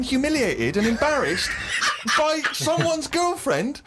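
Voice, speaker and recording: A man's voice: high voice, sing-song, a little fast. Brief: male podcast co-host, comic storyteller, exasperated retelling, noisy clip audio.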